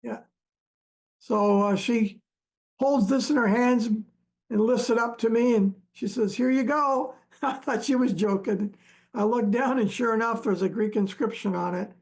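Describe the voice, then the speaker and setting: Male archaeologist, gravelly, unhurried storyteller, hesitant with frequent fillers. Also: high-pitched, steady tone, a little mellow. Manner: halting, many fillers and restarts, chuckles often. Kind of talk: relaxed storytelling chat.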